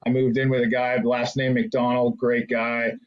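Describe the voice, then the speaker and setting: With highs cut off, the recording captures a man who used to play hockey telling casual stories as a podcast guest, stumbling through fillers and restarts. His voice is medium-pitched and monotone at a moderate pace.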